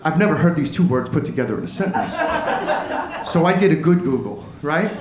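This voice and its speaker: A man's voice: on the high side, lively intonation, a little fast. Self-deprecating male stand-up comic. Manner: self-deprecating, chatty with the audience. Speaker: stand-up comedian. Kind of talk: stand-up comedy set. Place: comedy club stage. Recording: echoey club with crowd noise. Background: laughing audience.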